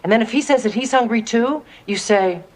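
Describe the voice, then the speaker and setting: A woman's voice: a little high, lively intonation, fairly quick, close to an everyday voice. Kate, a woman playing an eager meddling friend. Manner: eager, coaxing. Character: bubbly meddling woman giving dating advice. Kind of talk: sitcom acting.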